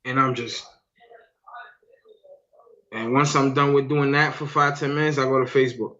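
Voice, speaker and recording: A man's voice: medium pitch, fairly even intonation, normal speed, pushed and bright. Slangy New man, muffled sound. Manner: slangy, calls listener "son" and "B". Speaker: podcast co-host. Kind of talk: casual chat. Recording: dull lo-fi sound.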